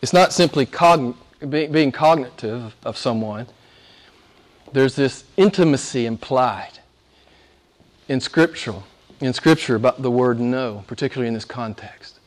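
A man preaching a sermon with passion, shifting from loud, ringing declarations to hushed whispers. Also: medium pitch, measured pace. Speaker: pastor.

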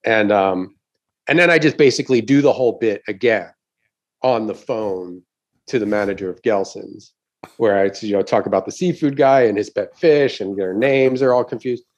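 A man's voice: fairly low pitch, moderate pace, lo-fi sound. A middle-aged man, a stand-up comedian, telling a story in casual chat, swearing often and acting out the crowd's reactions.

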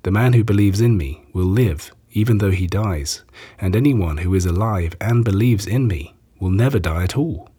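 Brief: a male reader giving a steady, gentle teacher, deep and smooth. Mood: calm. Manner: measured, gentle reading of quoted speech. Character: Jesus, calm grown male teacher.

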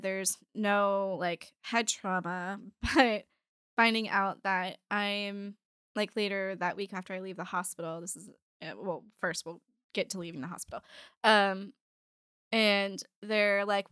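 A woman's voice: medium pitch, unhurried, fairly bright tone, clean tone, no echo, clean studio sound. A woman in her forties telling a personal story in casual chat, candid, swearing and laughing as she goes.

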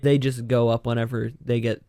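A young man, a guest on a podcast, chatting casually in a relaxed way. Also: mid-range voice, a little fast, no room sound.

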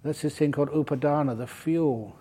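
Slightly high-voiced man teaching meditation. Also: brisk, warm tone, slightly rough. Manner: humorous, digressive storytelling. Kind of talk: dharma talk at a meditation retreat. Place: retreat centre meditation hall.

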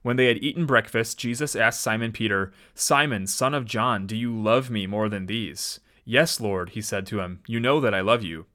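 Lower-voiced man hosting a faith podcast. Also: normal speed, few pauses, pushed and bright. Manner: loose and unscripted, with frequent fillers and restarts. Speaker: podcast host. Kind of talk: casual podcast talk and Bible reading.

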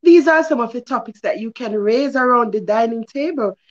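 A woman's voice: animated, brisk, lo-fi sound, slight background noise. Earnest woman hosting a kids' segment. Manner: earnest, emphatic, swoops up in pitch on key words. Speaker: children's segment host. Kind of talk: preachy morning-show talk to kids.

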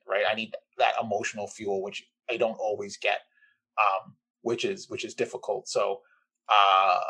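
A man's voice: medium pitch, moderate pace. A man who voices a role in an audio drama, talking casually and hesitantly about his craft with many fillers. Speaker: voice actor. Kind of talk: casual behind-the-scenes chat.

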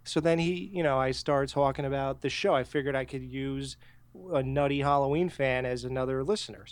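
A man co-hosting a podcast, telling stories in a casual, animated way and swearing freely. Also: mid-range voice, brisk, smooth. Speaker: podcast co-host. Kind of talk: casual profane chat.

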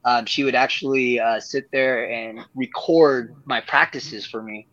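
A man's voice: medium pitch, fairly even intonation, unhurried, fairly bright tone, no echo. Man, casual storyteller, rambling, swears a lot, dull lo-fi recording. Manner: rambling, swears freely, laughs at own stories. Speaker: guest, professional wrestler. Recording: dull lo-fi sound.

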